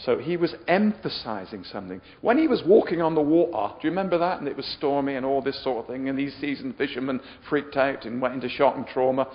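A man's voice: mid-range voice, lively intonation, fast talker, few pauses. A man preaching a sermon in a chatty, joking way, often putting questions to his listeners. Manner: chatty, jokey, asks the audience questions. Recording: dull lo-fi sound with long hall reverb.

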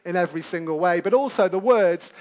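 A man's voice: high voice, brisk, darkish tone. A man preaching a sermon to a congregation in a church service, talking conversationally and putting questions to his listeners.

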